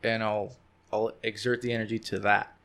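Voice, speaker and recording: A man's voice: on the low side, flat delivery, normal speed, a bit bright. A young man talking openly and easily as a guest on a casual podcast. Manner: open, easygoing storytelling. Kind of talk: casual chat.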